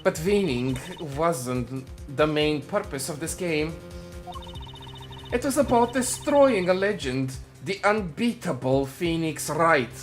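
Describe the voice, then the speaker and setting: A man voicing a scheming female card dealer in a put-on Russian accent, in a slow, sly, boastful delivery for a fan voice-over of a game. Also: a little high, expressive, faint music behind.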